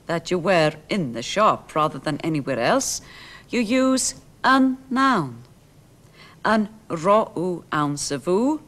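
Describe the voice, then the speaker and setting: Slow, careful woman teaching grammar. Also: mid-range voice, fairly bright tone. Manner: slow, careful, repeats example phrases. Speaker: language teacher. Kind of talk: explaining grammar.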